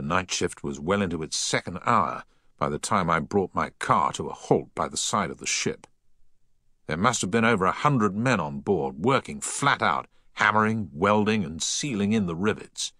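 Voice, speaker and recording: A man narrating a first-person story as an audiobook, in a measured, expressive way. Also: low-pitched, no room sound, studio quality.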